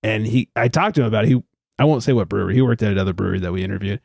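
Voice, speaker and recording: A man's voice: lowish voice, rapid-fire, gravelly, a little mellow, no room sound, clean studio sound. A man hosting a casual podcast, telling stories in a chatty, profane way and acting out quoted voices. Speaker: podcast host.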